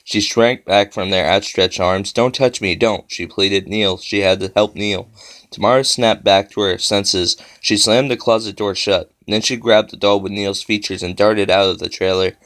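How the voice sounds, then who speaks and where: A man narrating a children's horror story with steady storytelling. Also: lowish voice, moderate pace. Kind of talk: reading a horror story aloud.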